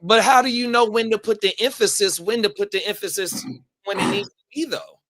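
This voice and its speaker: A man's voice: high voice, fairly bright tone, no room sound. A man co-hosting a podcast in casual chat, reacting briefly and searching for words as he recalls things. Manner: short eager reactions and halting recollection. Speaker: podcast co-host.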